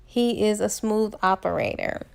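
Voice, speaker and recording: Woman voicing an easygoing big brother, gravelly and unhurried. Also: medium pitch. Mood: teasing. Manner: lightly quoting, little change of voice. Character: reassuring man, older brother.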